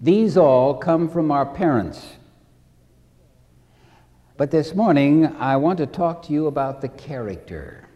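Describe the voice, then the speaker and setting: A man preaching a sermon with slow, deliberate delivery, repeating key phrases and acting out stories. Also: a little high, lively intonation, mellow, big-room sound, muffled recording.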